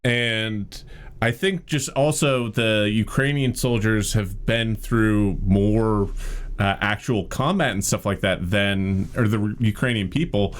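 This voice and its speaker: A man co-hosting a casual group chat on a stream, laid-back and halting with many fillers. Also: fairly low pitch. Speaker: comedy troupe member, co-host.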